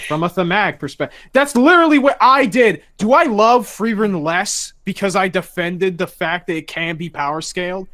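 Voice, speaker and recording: A man chatting casually on a podcast over a voice call, excitable and swearing, often stumbling and restarting his sentences. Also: high voice.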